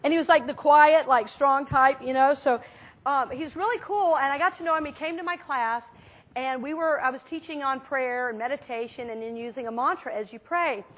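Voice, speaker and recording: Animated high-voiced woman preaching. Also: normal speed. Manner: chatty, animated storytelling with many fillers. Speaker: minister. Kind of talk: conversational sermon with stories. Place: church sanctuary.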